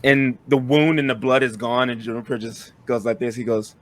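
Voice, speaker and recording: A man's voice: medium pitch, fairly even intonation, moderate pace, fairly bright tone, slight background noise. Man playing a tabletop game. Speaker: player.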